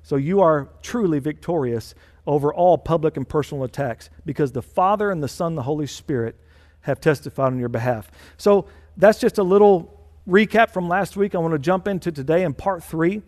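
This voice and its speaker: A male senior pastor delivers a sermon with a fairly high voice, pressing his points home and repeating phrases for stress. His voice carries a long reverb, as if in a church hall. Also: normal speed, a little mellow.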